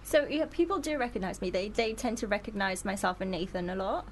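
South African woman, radio guest, mid pitch, candid and giggly, light background hiss. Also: brisk. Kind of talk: casual radio studio chat. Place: radio studio.

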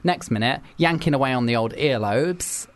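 Female podcast host, animated pitch, giggly and rambling. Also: moderate pace. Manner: giggly, rambling, repeats words. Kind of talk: casual chat.

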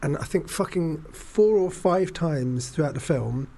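Podcast co-host, man, slightly high voice, lively and jokey about films. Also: measured pace, gravelly. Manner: animated, acts out quoted lines. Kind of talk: casual film chat.

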